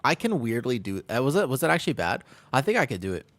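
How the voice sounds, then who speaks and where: An upbeat Midwestern man chatting with his stream audience while he plays, quick to joke and laugh. His voice sits in an ordinary middle range, close to the mic in a dry, dead room. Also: mid-range voice, sing-song, fairly bright tone, no echo. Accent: American Midwestern. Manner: upbeat, joking, often laughing, chatting with viewers. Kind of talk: casual live-stream chat while gaming.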